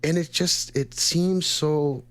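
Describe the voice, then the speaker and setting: A man's voice: a little high, fairly even intonation, takes it slowly, no room sound. Guy in his 30s rambling on a radio show, mid voice, dry close sound. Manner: rambling, friendly, laughs often. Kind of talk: casual chat.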